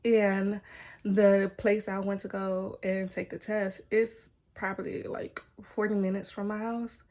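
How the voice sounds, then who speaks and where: A woman vlogger talking straight to her viewers in relaxed storytelling mode. Her speech is loose and chatty, full of "like" and "y'all". Her voice sits at a middle pitch. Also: measured pace. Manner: chatty, heavy use of "like" and "y'all". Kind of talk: casual storytelling to camera.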